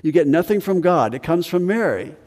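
A man's voice: fairly high pitch, expressive, a little mellow. Preaching man in a reverberant hall. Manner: earnest preaching, slowing on key phrases and rising with emphasis. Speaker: pastor. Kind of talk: sermon.

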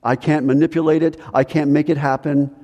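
Male pastor, fairly high voice, sermon delivery, earnest and questioning, long sanctuary reverb. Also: little pitch movement, a little fast, warm tone, muffled recording. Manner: earnest, rhetorical questions, pitch climbs when voicing reluctant believers. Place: church sanctuary.

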